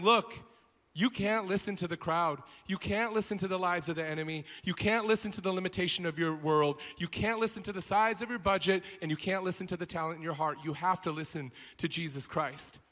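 A man's voice: sits high, a bit bright. A man preaching a rousing sermon at a conference, building to a call to action. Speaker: pastor. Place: large conference hall. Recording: long hall reverb.

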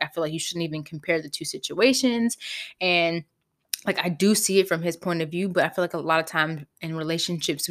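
A young woman hosting a podcast, telling a personal story in a candid, animated way, swearing freely. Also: lowish voice. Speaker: podcast host. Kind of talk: casual storytelling.

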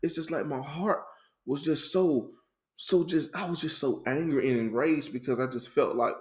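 A man co-hosting a faith talk, telling his story in a lively, repetitive, conversational way full of slang. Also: fairly high pitch, normal speed. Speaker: faith podcast co-host.

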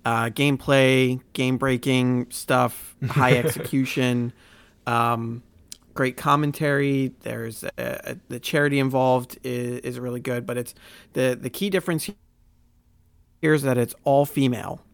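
A man's voice: medium pitch, fairly even intonation, measured pace, creaky, clean tone, no room sound. A man co-hosting a casual gaming podcast, rambling a bit with many restarts and fillers. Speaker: podcast co-host.

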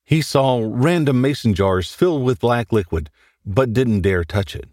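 A man's voice: medium pitch, lively intonation, unhurried, a little mellow, no room sound, studio quality. Man narrating a horror story. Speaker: storyteller host.

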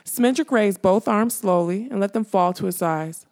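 A woman narrating a fantasy audiobook in a measured storytelling manner. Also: mid-range voice, a little mellow.

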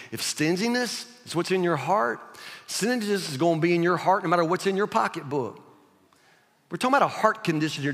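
A man's voice: on the high side, fairly bright tone. A male pastor preaching a sermon in an earnest, emphatic way, repeating his key points. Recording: long hall reverb.

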